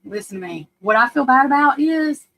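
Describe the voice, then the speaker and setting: A woman's voice: high voice, lively intonation, fairly quick, fairly bright tone, slight background noise, rough recording. A middle-aged woman from the United States hosting a live stream, rambling and frank, restarting her sentences and swearing casually.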